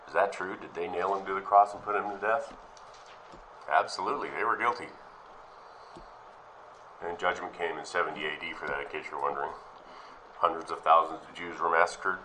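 Male preacher, low and forceful, reads verses then asks questions, faint hiss. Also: fairly even intonation, a little fast, pauses often, poor audio. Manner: reads scripture aloud, then questions and explains it. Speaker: Bible teacher. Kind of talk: Bible teaching sermon.

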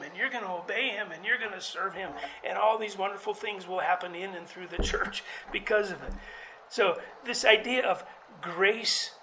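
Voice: medium pitch, bright, forceful tone, slight background noise, low-quality recording. A preacher delivering a sermon, explaining scripture in an earnest, teaching way.

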